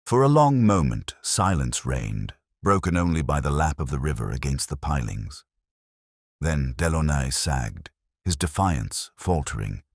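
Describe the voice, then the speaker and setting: Man, very low voice, scripted narration, measured, lively intonation. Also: husky, no echo, clean studio sound. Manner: measured storytelling.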